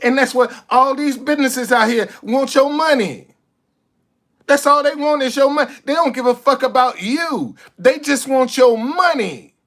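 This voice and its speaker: A high-pitched man preaches in a sarcastic street monologue. He restarts his sentences over and over, stammering on the same words. Faint music plays underneath. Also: moderate pace, fairly bright tone. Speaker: street activist vlogger. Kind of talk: impassioned monologue.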